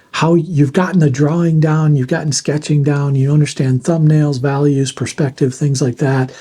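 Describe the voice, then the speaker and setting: Husky, mellow-voiced man talking art books. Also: medium pitch. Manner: relaxed, plain-spoken, many fillers and restarts. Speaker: art channel host reviewing books. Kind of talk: casual instructional talk.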